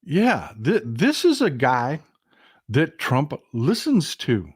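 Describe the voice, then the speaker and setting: A man's voice: a little high, wildly swooping pitch, slow, slightly rough, no room sound, clean studio sound. A man hosting a political commentary livestream, talking emphatically, repeating himself and restarting his sentences.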